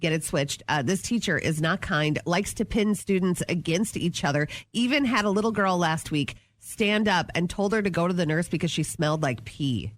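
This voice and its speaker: A woman's voice: lowish voice, expressive, normal speed, hardly any pauses. A woman co-hosting a radio show, chatting casually and gossiping with energy. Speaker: radio co-host. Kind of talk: casual morning radio banter.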